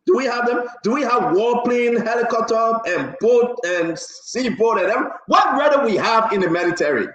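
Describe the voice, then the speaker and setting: A man's voice: extremely high pitch, animated, normal speed, few pauses, fairly bright tone, echoey room, highs cut off. A man with a Liberian English accent, co-hosting a casual talk show, emphatic and laughing, firing off rhetorical questions. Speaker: co-host.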